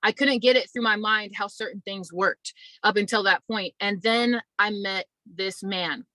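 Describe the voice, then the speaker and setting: A woman's voice: mid-range voice, measured pace, pushed and bright, no room sound, low-quality recording. A woman in her twenties hosting an online community, talking casually and motivationally to her viewers, calling them y'all. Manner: chatty, testimonial, addresses viewers as y'all. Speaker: online business community host.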